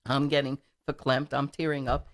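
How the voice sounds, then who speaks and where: A woman's voice: very deep voice, flat delivery, moderate pace. Middle-aged woman guest chatting away in a studio, lots of um and uh, repeats herself. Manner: warm storyteller, repeats words, many fillers. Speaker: political candidate, guest. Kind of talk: casual interview storytelling.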